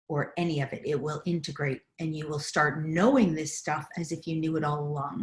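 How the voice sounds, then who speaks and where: A woman spiritual teacher and healer giving a live online talk on a video call, earnest and effusive, with loose fillers and restarts. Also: fairly low pitch.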